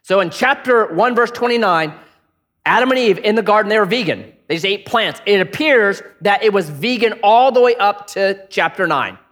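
A middle-aged man preaches with a high-pitched voice that rises and falls in animated swings. He tells stories and acts out the people in them. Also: normal speed. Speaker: pastor. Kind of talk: sermon with storytelling.

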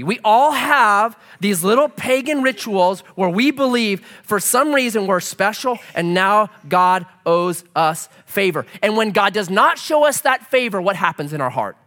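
A male pastor preaching a sermon in a church, animated and acting out quoted voices as he speaks. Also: high voice, unhurried, hardly any pauses.

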